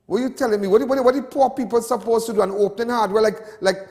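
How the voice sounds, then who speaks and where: A man's voice: very high-pitched, quick pace, a little mellow, long reverb tail. A Trinidadian man hosting a show, ranting with passion and repeating himself. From Trinidad and Tobago. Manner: impassioned, repetitive ranting. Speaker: host. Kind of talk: ranting commentary.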